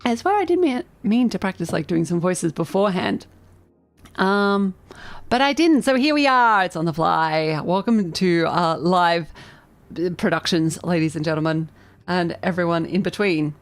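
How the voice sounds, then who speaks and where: Chatty, excitable woman streamer. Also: fairly low pitch, moderate pace, no echo. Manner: excitable, chatty, self-deprecating. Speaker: vtuber streamer. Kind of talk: live game streaming and reading game text aloud.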